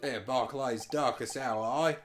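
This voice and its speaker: A man voicing a jolly Scottish prison governor with a hearty, drawn-out brogue, over game music. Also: medium pitch, natural voice. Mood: grave. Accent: put-on Scottish.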